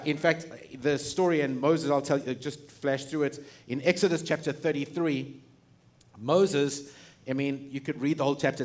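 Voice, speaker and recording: Middle-aged guy preaching, lively and chatty, keeps restarting sentences. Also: mid-range voice. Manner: animated and conversational, with frequent restarts and laughs. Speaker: pastor. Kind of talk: sermon.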